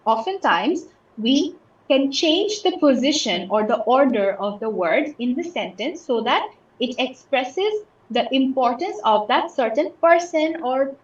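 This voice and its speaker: A woman's voice: high-pitched, lo-fi sound. Patient woman teaching English in an echoey room. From Bangladesh. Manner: patient, explains with many examples and checks understanding. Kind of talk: online class lesson.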